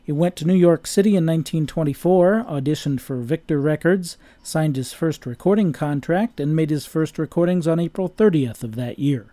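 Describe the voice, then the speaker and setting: A man reading a scripted narration in an even, measured way. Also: a little high, dry recording.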